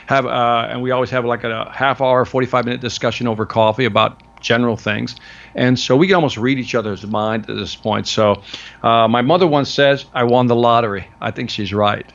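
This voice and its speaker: A male guest sales trainer chatting casually in an interview, relaxed and friendly, dropping "man" and "brother" often. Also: medium pitch, brisk, creaky, highs cut off.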